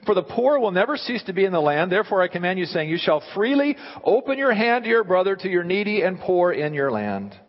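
Guy preaching, lively, keeps asking the crowd questions, kinda muffled sound. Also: high voice, fairly quick, hardly any pauses. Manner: animated, asks the listeners rhetorical questions. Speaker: pastor. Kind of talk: sermon. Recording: dull sound with long hall reverb.

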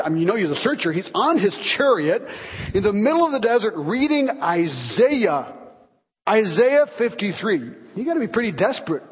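Animated husky-voiced pastor preaching. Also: male voice, high voice. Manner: animated storytelling, acting out voices. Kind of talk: sermon. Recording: dull reverberant hall recording.

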